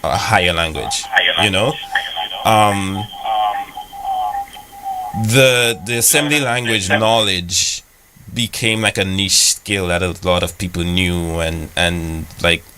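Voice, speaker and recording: Low, bright-voiced young man explaining casually. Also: takes it slowly, a little hiss or hum, rough recording. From Dominica. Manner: casual, filler-heavy explaining with many "like"s. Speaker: guest software engineer. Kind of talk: radio interview.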